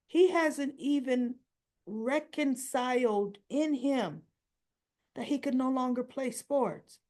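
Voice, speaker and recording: A woman's voice: high-pitched, slow pace, a little mellow. A woman hosting a casual soap opera recap, retelling scenes in a chatty, opinionated way. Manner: chatty, opinionated retelling with frequent "he goes, she goes".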